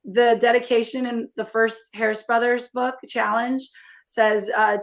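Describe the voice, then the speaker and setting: A woman's voice: fairly high pitch, little pitch movement, unhurried. Chatty candid author, a woman. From American Midwest. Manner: candid, chatty, self-deprecating, many fillers. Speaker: author guest. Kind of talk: casual interview chat.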